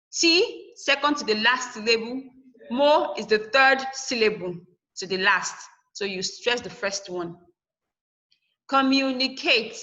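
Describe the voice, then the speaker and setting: A woman's voice: a little high, bright, forceful tone, highs cut off. A woman teacher giving a lesson over a video call, firm and instructive, spelling out word endings letter by letter. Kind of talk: online class lesson.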